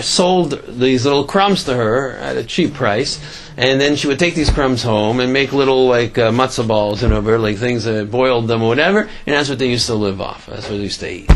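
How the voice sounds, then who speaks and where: A man teaching a religious lesson by telling a story, halting often, repeating words and restarting his sentences. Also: medium pitch.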